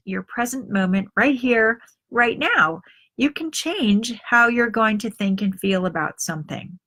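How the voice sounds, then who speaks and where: Speaking at an unhurried pace, this middle-aged woman has a medium-pitched, sharp voice with lively intonation. As a life coach running a live online group session, she confides personal anecdotes and performs the quoted voices of the people involved.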